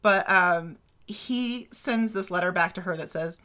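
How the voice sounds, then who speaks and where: A woman's voice: lowish voice, unhurried, bright, forceful tone. A woman co-hosting a podcast, chatting casually about literary history with lots of fillers and giggles. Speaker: podcast co-host.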